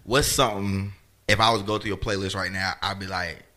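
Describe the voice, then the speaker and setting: A man co-hosting a podcast, chiming in with quick, playful questions. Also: deep voice, fairly even intonation, sharp tone. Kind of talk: casual interview chat.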